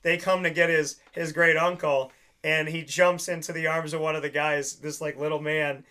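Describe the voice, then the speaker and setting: A man's voice: on the high side, normal speed. A young man hosting a casual chat, rambling through stories and acting out the lines he quotes. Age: young adult. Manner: rambling, animated storyteller who acts out quoted lines.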